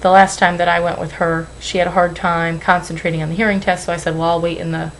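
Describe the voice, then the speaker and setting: A woman's voice: fairly low pitch, little pitch movement, fast, slight background noise, rough recording. A young woman vlogging at home into a webcam, rambling and apologizing, anxious and close to tears. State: tearful. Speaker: weight-loss vlogger. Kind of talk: emotional webcam vlog.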